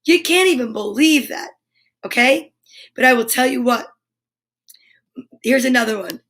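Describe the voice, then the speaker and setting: Upbeat woman host of a live kids' story hour. High voice, encouraging, leads chants and reads aloud. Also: expressive, normal speed, a bit bright. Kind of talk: live children's storytime with affirmations and read-aloud. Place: home studio for a live stream.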